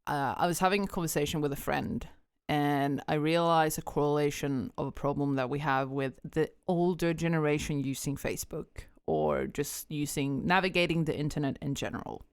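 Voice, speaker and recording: A woman's voice: deep voice, moderate pace, hardly any pauses, smooth, no room sound. Brief: woman co-host, fed up and sweary, English not her first language, dry close mic. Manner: heated, exasperated, heavy swearing. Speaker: podcast co-host. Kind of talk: casual chat.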